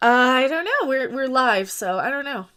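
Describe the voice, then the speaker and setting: A woman hosting a casual opinion livestream, blunt and ranting, with quick asides. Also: high-pitched, animated, sharp tone, clean tone. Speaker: livestream host.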